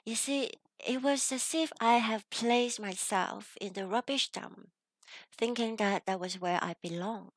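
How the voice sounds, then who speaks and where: This is a woman with a Chinese accent, sharing a personal story in an earnest way. She talks at an unhurried, slow pace and leaves in a few hesitant fillers. The recording is close and dry, with no room echo. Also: fairly high pitch. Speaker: self-development vlogger. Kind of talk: reflective personal storytelling to camera.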